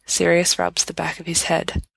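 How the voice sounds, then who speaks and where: A woman reading fan fiction aloud as a podfic, with wry, deadpan narration. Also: on the low side, moderate pace, creaky, husky, no echo, low-quality recording. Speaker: podfic reader.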